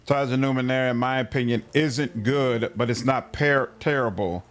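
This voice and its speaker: A man casually chatting through a game livestream, answering his chat in a relaxed way. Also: medium pitch, moderate pace, hardly any pauses. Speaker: streamer. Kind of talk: casual gameplay livestream commentary.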